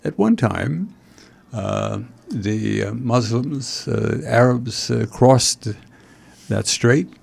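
Man, talk show host, gravelly voice, halting, rambling, wry asides. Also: mid-range voice, expressive, darkish tone. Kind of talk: casual political talk show chat.

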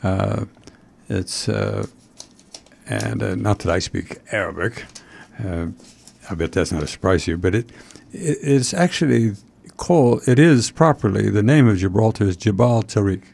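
A man hosting a talk show in casual chat, rambling and halting with frequent fillers and wry asides. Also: fairly low pitch, animated, vocal fry, darkish tone, slight background noise. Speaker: host.

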